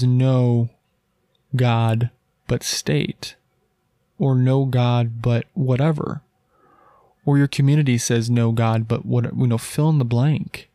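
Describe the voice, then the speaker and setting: A man talks through a casual Christian teaching monologue as a podcast host, pressing his point with rhetorical questions and frequent restarts. His voice sits at a middle pitch and sounds close and dry, with no room echo. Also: vocal fry, mellow.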